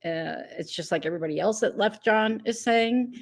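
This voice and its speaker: A woman's voice: medium pitch, normal speed. A woman hosting a casual live stream, chatting loosely, laughing easily and greeting viewers one by one by name. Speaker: livestream host.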